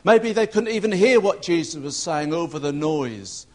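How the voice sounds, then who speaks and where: A man's voice: animated, normal speed. A man preaching a sermon, telling a story and acting out the voices in it. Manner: storytelling preacher, acting out shouts and quotes with rising pitch.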